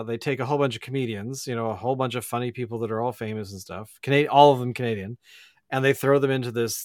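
A man's voice: mid-range voice, no room sound, studio quality. A man hosting a podcast, talking in a rambling, reflective way full of fillers. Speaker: podcast host. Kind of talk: casual chat.

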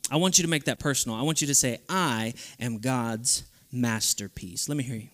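A man preaching an animated sermon at a youth camp, acting out the voices of the people he quotes. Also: mid-range voice, racing.

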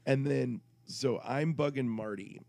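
A man's voice: medium pitch, measured pace, gravelly, a little mellow. A man on a podcast, telling a rambling, crude story in casual chat and interrupting himself as he goes. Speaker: podcast co-host.

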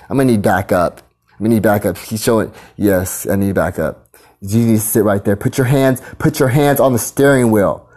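A man's voice: lowish voice, a little mellow, close to an everyday voice. A man putting on the voice of a bossy, condescending male traffic cop, barking orders.

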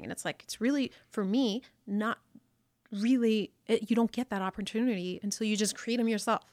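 A woman's voice: medium pitch, a little fast, no echo, studio quality. A woman in a casual podcast chat, frank and outspoken, who swears freely.

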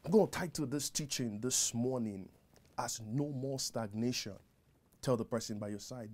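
A male pastor preaching a sermon. He starts quietly, then builds to a loud, high delivery, often repeating himself and stumbling over words. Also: normal speed.

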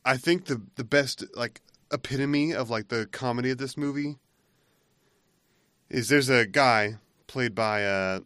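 A man's voice: mid-range voice, a little slow, a bit bright, no room sound, studio quality. A man co-hosting a podcast, chatting casually and rambling as he laughs through his retelling. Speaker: podcast co-host. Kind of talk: casual chat.

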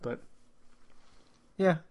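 Man, podcast co-host, casual movie talk, laid-back, chuckles and trails off. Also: very slow.

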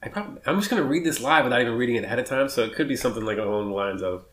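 A man hosting a casual podcast, joking and talking fast with some swearing, on rough amateur audio. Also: medium pitch, expressive, fairly bright tone, reverberant. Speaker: podcast host.

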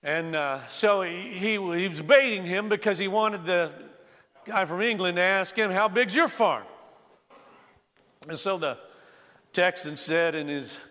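A man's voice: high-pitched, unhurried, bright, forceful tone, big-room sound. A middle-aged male pastor preaching a sermon in a church sanctuary, telling stories in a folksy way with many fillers and restarts.

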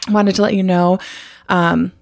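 A woman's voice: on the low side, level tone, normal speed, gravelly, darkish tone, dry recording, clean studio sound. A woman hosting a podcast, upbeat with many fillers, chatting and then telling a story. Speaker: podcast host. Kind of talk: casual chat and storytelling.

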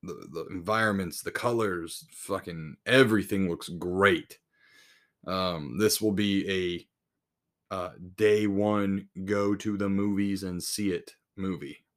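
A man's voice: low voice, fairly even intonation, takes it slowly, fairly bright tone. A man hosting a podcast in a casual solo rant, blunt and full of swearing. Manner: profane, blunt, exasperated. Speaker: podcast host.

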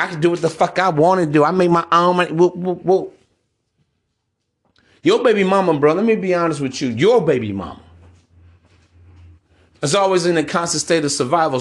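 A man delivering a casual podcast monologue in a blunt, preachy way, with frequent profanity. His voice sits somewhat high for a man. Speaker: podcast host.

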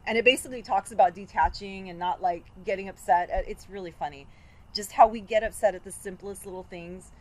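A woman's voice: mid-range voice, brisk, a little mellow, low-quality recording. A woman in her thirties co-hosting a podcast, chatting casually and acting out her own quotes as she tells a story. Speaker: podcast co-host. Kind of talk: casual chat.

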